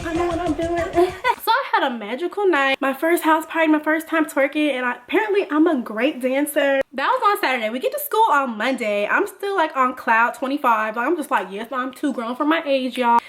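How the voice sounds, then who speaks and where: A young woman vlogger telling a casual story, animated and laughing, full of "like". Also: high-pitched. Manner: animated, laughing, lots of filler "like".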